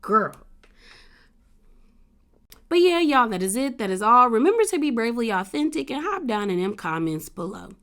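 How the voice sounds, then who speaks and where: A woman vlogger giving a casual, chatty recap of a reality TV episode, speaking in slangy, animated storytelling. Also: on the high side, a little fast, hardly any pauses.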